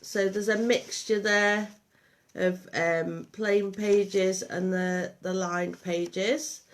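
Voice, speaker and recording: Slow, chatty woman with a Liverpool-Lancashire accent. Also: mid-range voice, fairly even intonation. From Liverpool and Lancashire, England. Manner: chatty, meandering, many ums and restarts. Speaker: craft workshop host. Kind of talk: live craft demonstration.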